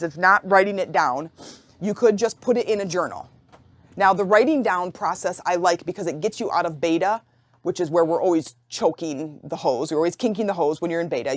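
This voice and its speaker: Woman podcast host, casual coaching talk, playful, lowish voice, dry close sound. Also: darkish tone, no room sound. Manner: chatty and playful, acts out little quoted inner voices. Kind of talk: casual solo podcast teaching. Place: home office.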